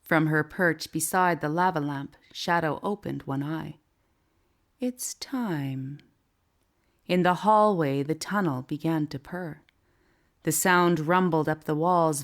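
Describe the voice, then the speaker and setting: A woman narrating a whimsical storybook in a calm, measured way. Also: low-pitched.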